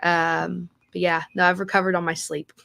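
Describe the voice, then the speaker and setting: A woman co-hosting a live podcast, her voice slightly hoarse as it recovers, casually reading out greetings from the chat. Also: fairly low pitch, little pitch movement, moderate pace, sharp tone. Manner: reads chat names aloud with repeated greetings and laughs. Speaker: podcast co-host.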